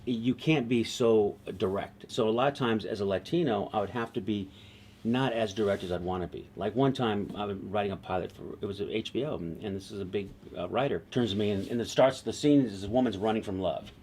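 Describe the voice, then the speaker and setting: A male television writer tells a story in an interview, animated and quick to act out other people's lines. His voice sits low. There is a faint hiss behind him. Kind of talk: interview anecdote.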